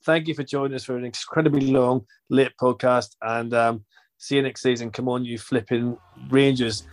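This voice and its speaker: A man's voice: medium pitch, steady tone, moderate pace. A man hosting a football fan podcast, chatting casually with jokey, rambling banter. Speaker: podcast host. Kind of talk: casual chat.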